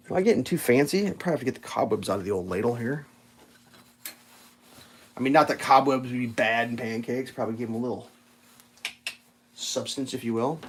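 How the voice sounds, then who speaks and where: A man telling a casual story while cooking in a home kitchen, animated and acting out quotes and sounds. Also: mid-range voice, background noise. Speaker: cooking vlogger.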